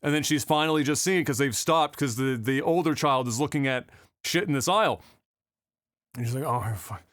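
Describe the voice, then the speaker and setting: Podcast co-host, man in his 30s, animated storyteller who swears freely, slightly higher voice, dry close sound. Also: fairly quick, dry recording. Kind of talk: casual chat.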